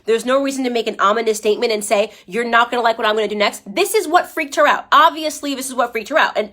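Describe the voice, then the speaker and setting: A woman's voice: sits high, a bit bright. Emphatic woman arguing her case. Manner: emphatic and argumentative, tags points with "okay?"; fires rhetorical questions at viewers. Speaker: political commentator. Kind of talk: opinion commentary livestream.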